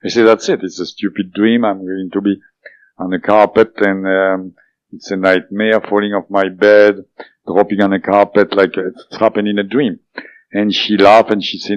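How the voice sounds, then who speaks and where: A man whose first language is French, telling his story as an interview guest, halting and full of fillers and restarts. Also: lowish voice, little pitch movement, no room sound. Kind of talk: recounting a personal experience in an interview. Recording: dull lo-fi dry recording.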